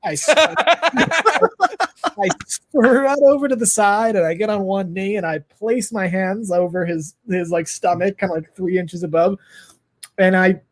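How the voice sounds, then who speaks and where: Husky-voiced man in his thirties telling a story. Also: high-pitched, measured pace. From United States. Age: 30s. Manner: lively, laughs often, swears freely. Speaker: podcast guest. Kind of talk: animated storytelling in casual chat.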